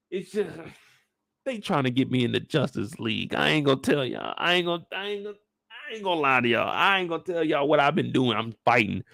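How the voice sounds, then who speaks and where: A man hosting a casual, joking recap of a TV episode, animated and profane. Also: fairly high pitch, a little fast, creaky, no echo. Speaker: YouTube show recap host. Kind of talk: casual comedic commentary.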